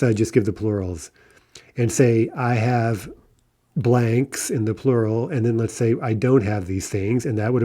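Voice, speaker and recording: Guy teaching grammar, dark mellow voice, lots of "right?" and uh's, walks through examples. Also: on the low side. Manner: explanatory, frequent "right?" checks and fillers. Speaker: language teacher. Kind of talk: recorded grammar lesson.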